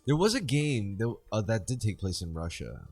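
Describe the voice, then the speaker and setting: A man co-hosting a podcast in casual chat, excitable and rambling, swearing often. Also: moderate pace, no room sound, soft background music. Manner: excitable, swearing, rambling, big pitch swings. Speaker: podcast co-host.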